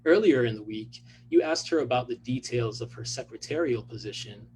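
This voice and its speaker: A man, an author, reading his own fiction aloud in a measured, even delivery. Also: mid-range voice, slight background noise, poor audio.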